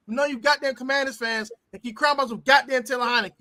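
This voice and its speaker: A man hosting a sports show cuts loose with a loud, emphatic rant full of cursing. His voice has a bright, forceful edge. The sound is dry, with no room around it. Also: very high voice, fast, hardly any pauses, dry recording. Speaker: podcast host. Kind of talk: profane sports-fan rant.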